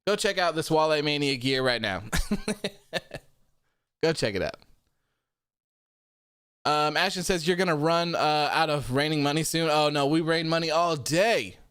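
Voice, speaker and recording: A man's voice: on the high side, a little slow, pauses often, fairly bright tone, clear, resonant tone, no room sound, studio quality. A man hosting a wrestling post-show livestream, reading viewer comments aloud in a friendly, upbeat casual chat and thanking viewers often. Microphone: desk microphone.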